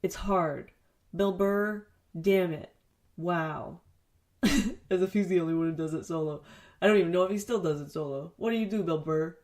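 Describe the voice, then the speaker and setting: A woman's voice: on the low side, moderate pace, a little mellow. A woman hosting a solo podcast in a casual, rambling way, swearing often and joking at her own expense. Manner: profane, rambling, self-deprecating. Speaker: podcast host. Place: home basement studio. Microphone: studio mic, spoken into its wrong side.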